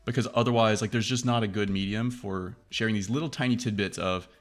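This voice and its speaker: A man hosting a casual tech chat, rambling and profane, acting out quoted reactions in a lively way. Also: on the low side, quick pace, faint music behind. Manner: animated, acts out quoted reactions.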